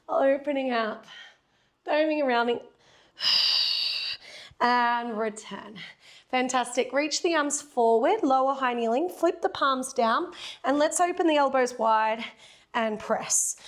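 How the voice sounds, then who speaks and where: An Australian woman guides a Pilates class with brisk, encouraging cues and the odd playful joke. Her voice sits a little on the high side for a woman, and she sounds young and easygoing as she counts through the reps. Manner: upbeat coaching cues with playful jokes. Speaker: Pilates instructor. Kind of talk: guided workout instruction.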